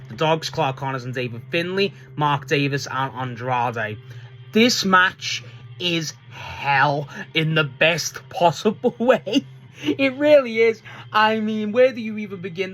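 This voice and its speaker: Casual male reviewer, excitable and profane, laughs through his sentences, rambles with restarts. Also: fairly high pitch. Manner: excitable, swears often, laughs mid-sentence; rambling, full of restarts and filler. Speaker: wrestling reviewer. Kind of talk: casual spoken show review.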